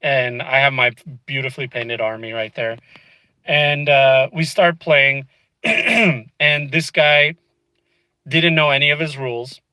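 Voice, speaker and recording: A man's voice: medium pitch, slow pace, sharp tone, clean tone, rough recording. A man vlogging from inside a car, casually telling a frustrating story and peppering it with "dude" and "you know what I mean.".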